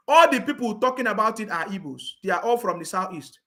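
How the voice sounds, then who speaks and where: Man, very high voice, bright tone, ranting commentator, scornful and insistent. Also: expressive, quick pace. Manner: scornful, insistent, with mocking laughs and repeated "are you getting me". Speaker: political commentator.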